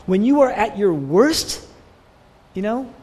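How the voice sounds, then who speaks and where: A male pastor preaching a sermon, swinging from loud declarations down to hushed near-whispers. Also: high voice, big pitch swings, slow pace, slightly rough. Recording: long hall reverb with faint ambience.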